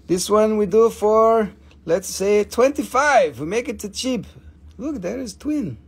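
A man with a high, husky voice runs a live crystal sale. He talks in a playful, joking way, gets excited over each stone, and slips into broken-English sales patter. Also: takes it slowly. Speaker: host selling crystals on a live stream. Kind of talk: casual live sales chat.

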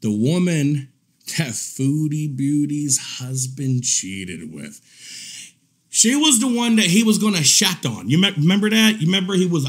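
At normal speed and with a husky, very animated voice, a man runs a crude, profane live commentary stream. He mocks, laughs at his own jabs, and shifts from low muttering to loud indignant ranting.

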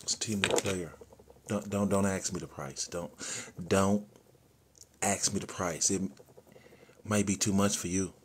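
A man's voice: deep voice, steady tone, a little slow, long pauses, slight background noise, pitched below the performer's own voice. A man playing a bragging bling-crazy shopper. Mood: boastful. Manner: braggy, repetitive, stammering. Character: boastful man, a bling-obsessed bargain shopper. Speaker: comedy skit creator. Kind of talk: comedic unboxing skit.

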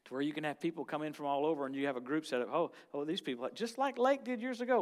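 Guest minister, male, charismatic church sermon, animated, loud outbursts and hushed prayer. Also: on the high side, fast talker, hardly any pauses. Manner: animated, swings from loud exclaims to quiet prayer. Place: church service.

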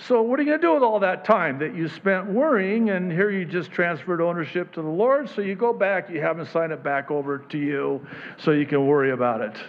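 A male pastor gives a conversational sermon at a brisk pace, rising to loud, emphatic peaks and dropping to soft, low murmurs, and he chuckles at his own asides. The recording has its highs cut off.

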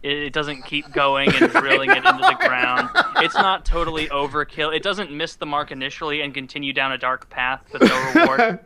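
A man's voice: fairly high pitch, very animated, moderate pace, very noisy. A man co-hosting a podcast in casual banter, wry and sarcastic, acting out little bits. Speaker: podcast co-host.

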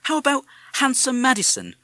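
A cheeky, friendly young boy with a quick, teasing delivery, as a man reads him. The pitch is raised high and the speech runs fast. The recording is close and dry. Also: wildly swooping pitch, bright, forceful tone, no room sound, full character voice.

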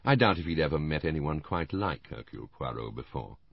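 Deep male narrator, measured first-person storytelling, lively delivery, muffled sound. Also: vocal fry, slightly rough, no room sound. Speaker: audiobook narrator. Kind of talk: audiobook narration.

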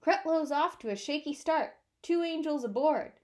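A woman's voice: high voice, animated, a little mellow, voice pushed up. A woman doing a nasal old-time baseball radio announcer. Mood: excited. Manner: brisk play-by-play patter.

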